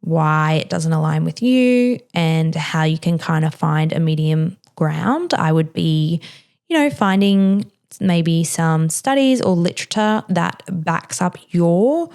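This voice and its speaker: A woman's voice: on the low side, expressive, slow, a little mellow. Frank, chatty woman podcast host. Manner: frank, chatty, heavy use of "like" and "you know". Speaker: mother. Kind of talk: casual advice chat.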